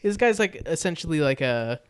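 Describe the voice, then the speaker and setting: Rambling man with a smooth voice. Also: fairly high pitch, big pitch swings, brisk. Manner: rambling, lots of "like" and "um", restarts. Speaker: podcast co-host. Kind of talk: casual movie recap chat.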